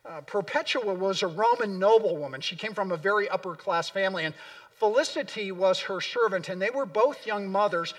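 High-voiced male pastor preaching from afar. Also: brisk, far from the mic. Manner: earnest, emphatic preaching with repeated words. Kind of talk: sermon. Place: church sanctuary.

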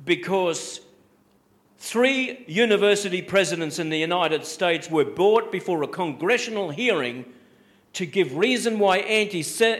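A high-pitched man delivering a sermon from the pulpit. He preaches emphatically, repeating his points and firing rhetorical questions at the congregation. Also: a bit bright. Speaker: pastor.

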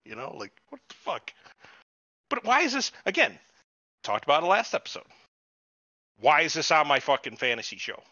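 With a slightly high, bright, forceful voice, huge pitch swings, moderate pace, and frequent pauses, a man hosts a podcast reviewing a TV show. He rants, swears heavily, and mocks people using put-on quotes, recorded as dull lo-fi podcast audio with no echo.

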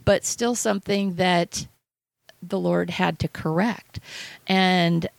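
A woman co-hosting a radio show, talking about the Bible in an earnest, halting way with many restarts. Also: on the low side, fairly even intonation, gravelly, dry recording. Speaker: radio co-host. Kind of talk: casual Bible talk.

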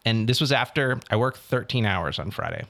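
A man's voice: medium pitch, lively intonation, brisk, fairly bright tone. A young man in casual chat, animatedly telling an audition story and quoting others. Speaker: actor telling about auditions.

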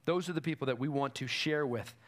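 A man's voice: medium pitch, brisk. A male pastor preaching a sermon with emphatic, repetitive phrasing.

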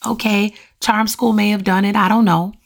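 A middle-aged woman hosting her own podcast, talking to listeners in a lively, preachy way and calling out to them often, with a voice that turns raspy at times. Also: mid-range voice, normal speed. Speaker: podcast host. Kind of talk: casual solo podcast monologue. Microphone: USB condenser mic.

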